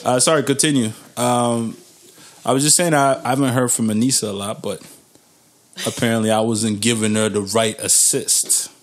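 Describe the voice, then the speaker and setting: A young man hosts a casual podcast chat at a medium pitch. He talks in a laid-back, slangy way and often restarts his sentences as he works out his point. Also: fairly even intonation, moderate pace. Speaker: podcast host.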